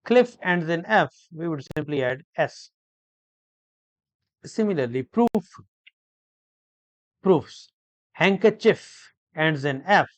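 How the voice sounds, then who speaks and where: A man teaching an English grammar lesson, explaining each word slowly and deliberately, with frequent hesitations and repeated phrases. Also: a little high, animated, dry recording. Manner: slow, deliberate, repetitive explanation with many hesitations.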